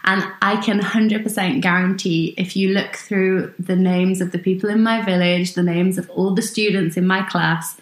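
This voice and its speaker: A woman's voice: on the low side, steady tone, moderate pace, hardly any pauses. Brief: woman from south wales, neutral british voice, chatty guest, echoey room. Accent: neutral British English, faint Welsh. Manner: chatty, laughs often, self-deprecating. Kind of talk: casual chat.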